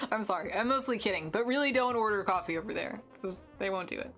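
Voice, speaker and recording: A young American woman chats on her art stream, rambling and restarting her sentences with plenty of fillers. Her pitch sits in the middle. Soft music plays faintly behind her. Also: lively intonation, quick pace, hardly any pauses. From United States. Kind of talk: casual chat while drawing on stream. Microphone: desk mic with headphones.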